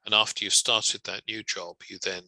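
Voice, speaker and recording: Male legal trainer, gravelly and bright-edged, wry and measured, dry close sound. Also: lowish voice, little pitch movement, dry recording, poor audio. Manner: measured, wry, conversational explaining. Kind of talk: recorded lecture.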